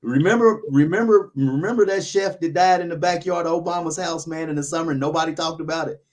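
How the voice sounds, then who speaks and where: A man's voice: fairly high pitch, steady tone, quick pace. A man hosting a casual talk show, rambling with many restarts while giving his opinions. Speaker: YouTuber, podcast host.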